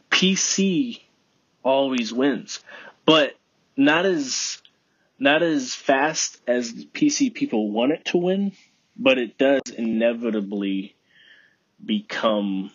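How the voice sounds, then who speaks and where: Speaking at a medium pitch with a touch of roughness, this podcast host goes solo, rambling casually and cursing a lot as if talking to himself. There's no room sound, and the audio is muffled.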